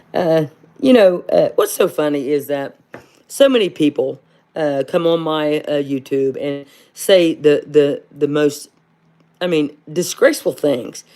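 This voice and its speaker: A woman from hosting a casual livestream and answering viewer comments. She speaks bluntly, fills pauses with "uh", and calls everyone "honey". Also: fairly low pitch. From southern Ohio. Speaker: livestream host.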